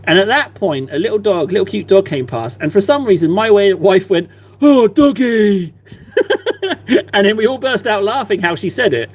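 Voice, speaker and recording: A man's voice: sits high, expressive, normal speed, breathy edge. A man in his thirties chatting casually on a live stream while he paints, rambling and self-deprecating.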